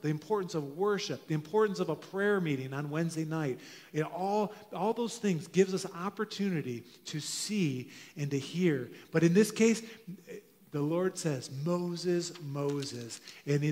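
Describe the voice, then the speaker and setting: A man preaching a sermon as pastor to his congregation, earnest, drawing out key phrases slowly for emphasis. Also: fairly high pitch, a little mellow. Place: church sanctuary. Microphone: handheld microphone. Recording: long hall reverb of a church.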